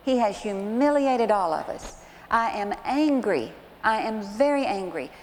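A woman's voice: mid-range voice, expressive, a little slow, a little mellow, lightly acted. Woman doing a bitter teary wife pleading, hall reverb behind. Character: distraught, bitter middle-aged wife. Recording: long hall reverb, faint noise.

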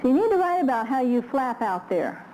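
A woman's voice: high voice, very animated, a little fast, background noise. A middle-aged woman speaking at a recovery workshop, telling self-deprecating stories with humor and laughing at her own anecdotes. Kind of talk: humorous personal storytelling lecture.

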